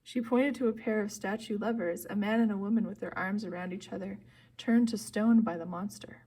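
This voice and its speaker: A woman narrating a first-person storybook chapter in a steady, clear voice. Her reading is expressive but even, with a middling pitch. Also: fairly quick. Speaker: audiobook reader.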